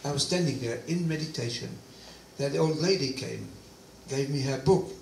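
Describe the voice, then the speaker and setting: Animated male speaker telling his testimony; gravelly voice, recorded from afar in a roomy hall with faint ambience. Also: medium pitch, moderate pace, far from the mic, a little hiss or hum. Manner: animated storytelling with quoted dialogue. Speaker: guest speaker. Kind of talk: personal testimony talk.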